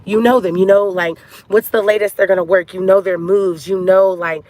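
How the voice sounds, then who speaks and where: A woman's voice: medium pitch, fairly even intonation, normal speed, a little mellow, no room sound. A woman from a Cuban family, upset and near tears, venting to her viewers in an emotional storytime vlog, talking to them like girlfriends. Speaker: vlogger.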